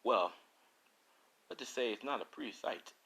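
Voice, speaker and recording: A man's voice: mid-range voice, normal speed, pushed and bright, slightly rough. A man casually narrating a fan story, rambling with slangy, profane asides.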